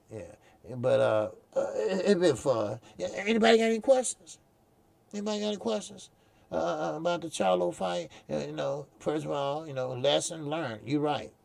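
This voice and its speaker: A man's voice: medium pitch, gravelly, a little mellow, no room sound. A man hosting a boxing talk stream, rambling and profane, repeating himself as he talks. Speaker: boxing show host. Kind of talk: casual live-stream commentary.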